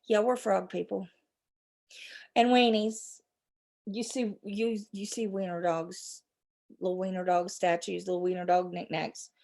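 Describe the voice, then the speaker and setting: A woman's voice: mid-range voice, level tone, a little slow, creaky, long pauses, darkish tone. A middle-aged woman, hosting a rambling live chat with her viewers and laughing often. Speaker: livestream host.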